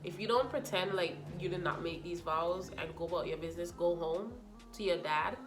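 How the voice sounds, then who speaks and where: A woman's voice: lowish voice, moderate pace, roomy sound, soft background music. A woman giving a casual, sassy review of a reality show, talking straight to the people on it. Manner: animated, sassy, talks to the cast directly.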